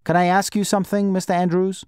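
A man's voice: sits high, level tone, fast talker, darkish tone, clean tone, no room sound, clean studio sound, voice pushed up, natural voice. A man reading aloud the lines of a frustrated adult man who speaks in an indignant, pressing way.

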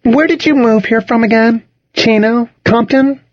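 A sweetly mocking teenage girl with a sugary, spiteful edge, as a male narrator lifts his voice high to play her. Her lines swoop up bright and lively in a dull, dry lo-fi audiobook recording. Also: normal speed, husky, no room sound, full character voice.

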